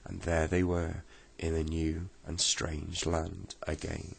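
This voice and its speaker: A man reads a bedtime story aloud in a very low voice, slow and gentle throughout. His tone is gravelly, with a husky, breathy grain. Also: completely flat delivery.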